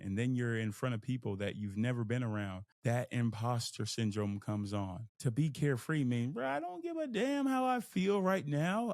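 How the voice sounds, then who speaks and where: Male podcast host, casual motivational talk, mid-pitched with some fry, animated and self-mocking. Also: no room sound, studio quality. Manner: animated, jumps into high excited pitch and laughs at himself.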